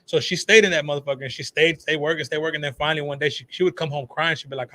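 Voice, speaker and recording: A man in his thirties telling stories in casual chat, profane and animated, calling everyone bro and dog. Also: a little high, fast, few pauses. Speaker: podcast guest, phone shop owner.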